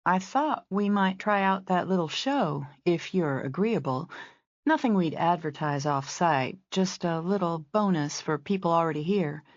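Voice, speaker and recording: A woman reader voicing a brisk, self-assured young woman who manages a ranch resort. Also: on the low side, lively intonation, dry recording, dull audio.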